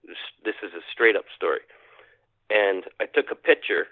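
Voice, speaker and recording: A man from Canada, a podcast guest, telling a personal encounter story in an animated way, acting out his own thoughts and repeating phrases. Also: low voice, moderate pace, creaky, no echo. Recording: dry tinny phone-line sound.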